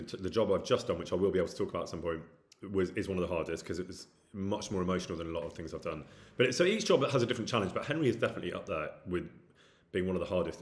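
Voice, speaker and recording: A man with a low voice talks casually on a live stream. He reads out questions from chat and answers at length, wandering through his replies with plenty of hesitant fillers.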